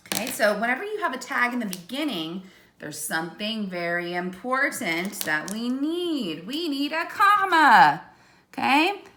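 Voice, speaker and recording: A woman's voice: a little high, sharp tone. A woman teacher giving a recorded video lesson to young students, explaining step by step and often checking in with "okay?" and "right?".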